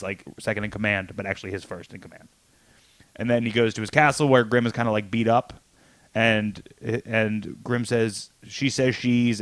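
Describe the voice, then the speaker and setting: A man's voice: lowish voice, a bit bright, dry recording. A man co-hosting a casual comics podcast, retelling a story in a loose, rambling way and acting out the lines in his own voice. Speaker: podcast co-host. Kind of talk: casual chat about comics.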